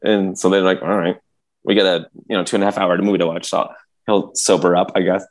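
A man's voice: low-pitched, flat delivery, fairly quick. A man in casual podcast chat, rambling with many restarts as he tells a story, acting out quotes and sound effects. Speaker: podcast co-host.

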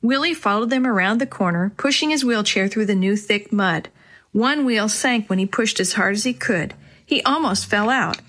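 A woman narrating a children's storybook chapter in a clear, expressive way. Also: mid-range voice, normal speed. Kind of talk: storybook reading.

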